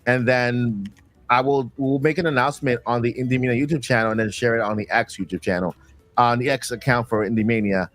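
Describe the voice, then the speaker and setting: A man's voice: medium pitch, steady tone, fairly bright tone, no echo, soft background music. A man from Florida hosting a casual stream chat, rambling and restarting his sentences. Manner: rambling, repeats words, halting restarts. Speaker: stream host.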